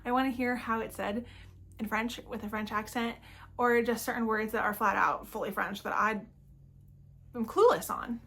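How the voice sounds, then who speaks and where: A young American woman book vlogger chatting casually, excited and rambling. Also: a little high, normal speed, breathy edge. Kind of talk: casual chat.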